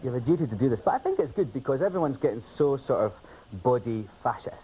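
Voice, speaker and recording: A man's voice: medium pitch, animated, fast, warm tone, breathy edge, poor audio. Giggly, cheeky male talk show guest. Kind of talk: chatty anecdotes on a talk show. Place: television studio.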